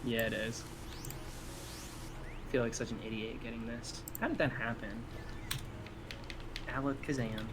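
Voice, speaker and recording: A man's voice: mid-range voice, fairly even intonation, moderate pace, long pauses, background noise. A young man streaming a game, joking around in a laid-back way and muttering asides to himself. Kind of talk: casual gaming stream chat.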